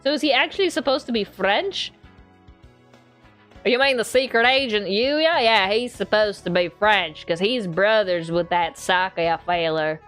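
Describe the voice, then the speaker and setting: A woman's voice: mid-range voice, expressive, unhurried, fairly bright tone, soft background music. A woman streamer chatting playfully and teasingly while reading through a game. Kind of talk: casual game commentary and reading.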